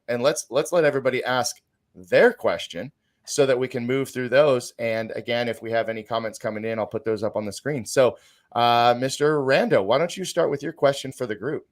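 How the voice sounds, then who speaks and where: Man hosting a panel, halting delivery. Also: medium pitch. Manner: halting, many restarts. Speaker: podcast host. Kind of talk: casual panel discussion.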